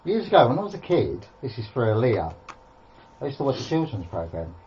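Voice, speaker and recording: A man's voice: mid-range voice, sing-song, fairly quick, lo-fi sound, slight background noise. A man co-hosting a casual live stream, telling rambling stories and laughing at himself. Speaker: co-host.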